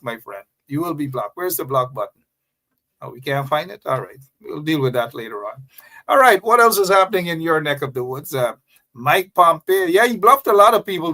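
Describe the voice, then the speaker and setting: A man's voice: on the high side, bright, forceful tone. A man with a Guyanese accent hosting a live radio talk show, talking straight to his listeners with emphatic, repeated phrases.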